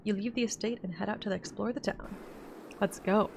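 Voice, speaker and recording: A woman's voice: medium pitch, steady tone, brisk, gravelly, darkish tone, a little hiss or hum. A woman reading out a horror visual novel and chatting about her choices as she plays. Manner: chatty, reads narration then comments with laughs. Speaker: let's play gamer voicing a visual novel.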